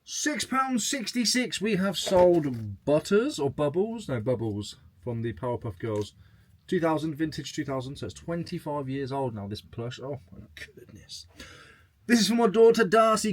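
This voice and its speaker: A man's voice: on the high side, animated, moderate pace. A man chatting casually to camera as a reselling vlogger, joking as he goes through his sales. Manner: chatty and jokey, reading out sales.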